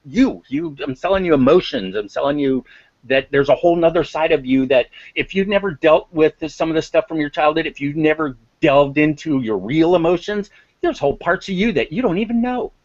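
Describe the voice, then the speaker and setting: A man's voice: fairly high pitch, animated, fairly quick, no echo, lo-fi sound. Impassioned man, emphatic and repetitive. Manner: impassioned, emphatic, repeats words for stress. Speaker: guest, emotional intelligence instructor. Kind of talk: interview talk.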